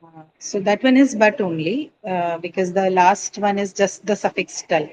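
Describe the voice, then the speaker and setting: A woman's voice: mid-range voice, moderate pace, a little mellow, rough recording. Female pronunciation teacher, patient explainer, checks in with "right?", faint hiss behind. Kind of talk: online class lecture.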